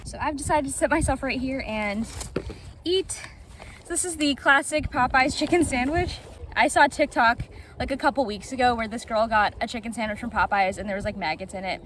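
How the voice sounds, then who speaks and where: A woman's voice: fairly high pitch, a little fast. A woman of twenty-seven chatting casually on her vlog, bubbly and giggly, filming on a phone in a car and by the ocean. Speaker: vlogger. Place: in a car, then outdoors by the ocean. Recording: outdoor ambience with steady background noise.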